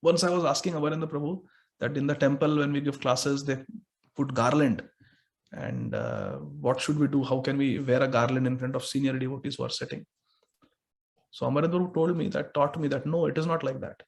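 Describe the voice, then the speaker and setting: A man giving a devotional scripture class, fervent and emphatic, quickly chanting verses between explanations. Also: mid-range voice, very animated, gravelly.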